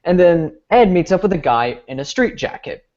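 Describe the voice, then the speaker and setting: A young man retells a movie plot in a loose, rambling way, full of fillers, jumping into quick impressions of the characters. The audio is muffled and lo-fi. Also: sits high, big pitch swings, a little mellow. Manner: rambling, filler-heavy retelling with mimicked quotes. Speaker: podcast host recapping a movie. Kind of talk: casual chat.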